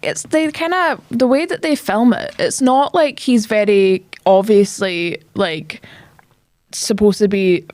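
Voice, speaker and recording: A woman's voice: mid-range voice, slow pace, a little mellow, no room sound. A woman co-hosting a casual film podcast, explaining her points expressively with laughs. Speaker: podcast co-host. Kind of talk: casual film review chat.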